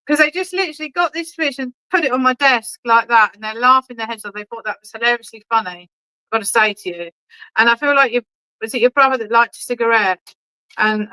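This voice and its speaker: A woman medium gives clairvoyant readings in a bright, smooth, slightly high voice. She talks in a chatty, affectionate way, calls people darling and keeps checking in with "okay?". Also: rough recording. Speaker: spiritualist medium. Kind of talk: clairvoyant readings at an online church service.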